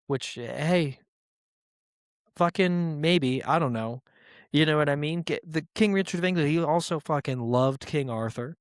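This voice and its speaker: A man's voice: on the high side, measured pace, no room sound, clean studio sound. Casual, profane male podcast host. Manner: rambling and profane, with filler words; irreverent and joking.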